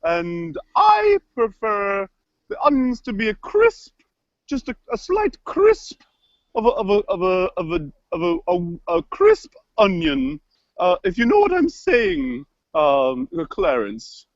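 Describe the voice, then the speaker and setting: Guy doing a super high crackly lady chef, rambly and stuck on every word, dull online call sound. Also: wildly swooping pitch, gravelly, no room sound, exaggerated voice. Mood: pompous. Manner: rambling, halting, stuck on filler words. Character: kooky, squeaky-voiced woman TV chef, proud and touchy. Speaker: improv performer. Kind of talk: improvised comedy scene.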